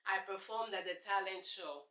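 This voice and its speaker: A woman's voice: mid-range voice, moderate pace. Sassy Congolese woman telling stories. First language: Lingala. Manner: sassy, sarcastic, animated storyteller. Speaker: vlogger. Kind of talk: casual storytelling to camera. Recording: echoey room, voice off-mic.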